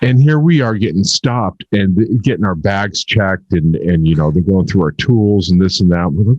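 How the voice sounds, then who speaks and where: A man's voice: fairly low pitch, moderate pace, hardly any pauses, darkish tone, slightly rough, no echo. A man from California telling a rambling travel story in a casual chat. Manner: rambling, conversational. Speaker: paintless dent repair technician. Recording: dull lo-fi audio.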